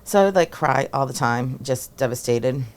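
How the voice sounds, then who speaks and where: A woman's voice: extremely low pitch, expressive, moderate pace, a little mellow. A woman in her forties from Massachusetts, a teacher and former social worker chatting as a guest, talking loosely with lots of fillers and laughs. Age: 40s. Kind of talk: casual interview chat.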